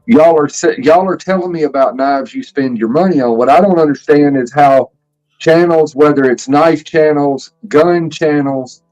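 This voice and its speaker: A man's voice: a little high, moderate pace, darkish tone, faint music behind, poor audio. A man in casual chat on a stream, talking earnestly and at length, swearing freely.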